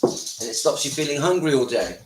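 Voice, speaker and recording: A man with a croaky voice from a cold, hosting a casual livestream from home and greeting viewers by name. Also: mid-range voice, lively intonation, fairly quick, over music. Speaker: livestream host. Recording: echoey room with faint ambience.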